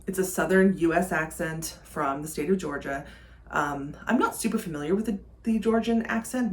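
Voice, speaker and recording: A woman chatting casually in a book vlog, thinking aloud with frequent ums. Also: lowish voice. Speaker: book vlogger. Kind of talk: casual reading vlog chat.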